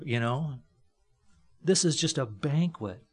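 Male preacher, husky tone, folksy chatty sermon delivery. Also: medium pitch, animated, slow. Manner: folksy, joking asides, frequent fillers. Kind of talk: conversational sermon.

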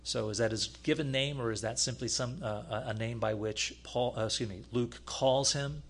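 Man preaching a halting sermon. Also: medium pitch. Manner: halting, many fillers and restarts. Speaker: pastor. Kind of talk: sermon teaching.

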